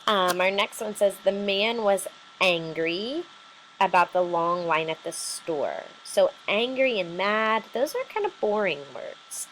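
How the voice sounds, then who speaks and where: Slow, patient woman teacher. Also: lowish voice, fairly bright tone, slight background noise, poor audio. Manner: patient, explaining step by step with fillers. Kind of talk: recorded remote lesson.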